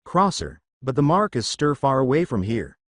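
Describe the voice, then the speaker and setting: A man doing a loud teacher in broken English. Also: medium pitch, very animated, normal speed, no echo, clean studio sound. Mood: boisterous.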